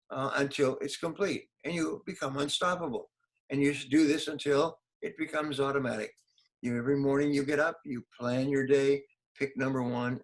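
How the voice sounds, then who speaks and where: An older man, a motivational speaker, answers interview questions emphatically, repeating key phrases and acting out quotes. His voice is medium-pitched, and the recording quality is low.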